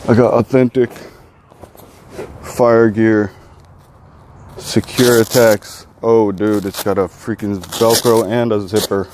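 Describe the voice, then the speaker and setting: A man in a casual vlog, talking in a rambling, excitable way and often saying dude. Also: lowish voice, moderate pace, a little hiss or hum. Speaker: vlogger.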